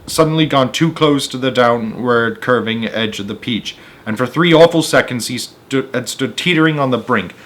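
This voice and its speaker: A man reading a children's story aloud with an animated, expressive delivery. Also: medium pitch. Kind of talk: children's book read-aloud.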